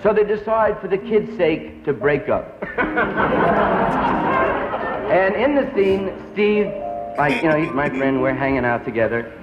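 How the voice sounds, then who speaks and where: A man's voice: on the high side, expressive, takes it slowly, long pauses, over loud music. A man doing a stand-up routine in laid-back hip slang, from a dull lo-fi 1950s television broadcast. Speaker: stand-up comedian.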